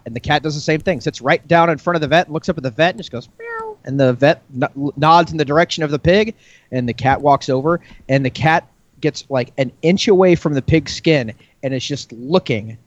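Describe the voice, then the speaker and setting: A man co-hosting a podcast, telling a drawn-out joke in casual chat and acting out the characters. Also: medium pitch, dry recording, highs cut off. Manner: drawn-out storyteller, acts out characters. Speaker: podcast co-host.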